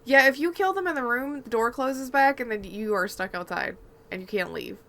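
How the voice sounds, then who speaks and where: Woman podcast co-host, bright and forceful voice, chatty rambling storyteller. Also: fairly high pitch, expressive, moderate pace. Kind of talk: casual gaming chat.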